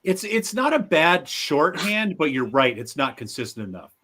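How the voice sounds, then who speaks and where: A man in a casual podcast chat whose pitch swings widely as he talks. He sounds jokey and argues his point, with loose casual swearing. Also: moderate pace, husky. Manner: animated, jokey, defends his view. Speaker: podcast co-host. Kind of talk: casual chat reviewing a TV episode.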